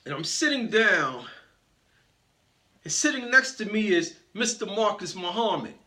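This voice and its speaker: A high-pitched man telling a motivational story to an audience, unhurried and deliberate. His voice is bright and forceful, and he playfully calls out listeners by name. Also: sing-song. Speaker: motivational speaker.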